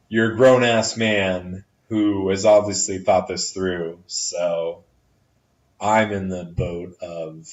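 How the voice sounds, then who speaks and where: Low, blunt male podcast guest, candid and profane, recorded far off in an echoey room on dull, lo-fi audio. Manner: frank, swears freely, candid advice. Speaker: friend giving advice. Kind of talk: casual podcast chat. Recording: roomy, distant, dull lo-fi audio.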